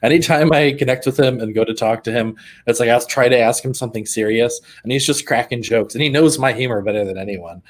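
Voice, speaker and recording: A man's voice: medium pitch, fast talker, hardly any pauses. Giggly man musing in casual chat. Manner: giggly, thoughtful, many fillers. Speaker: podcast co-host.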